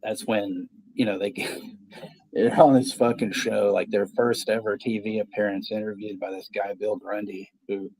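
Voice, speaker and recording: A Texan man in his fifties hosts a casual stream in a fairly low voice. He rambles loosely from one story to the next, swearing freely as he goes. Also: little pitch movement, normal speed, darkish tone, poor audio. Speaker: watch party host. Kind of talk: casual livestream chat.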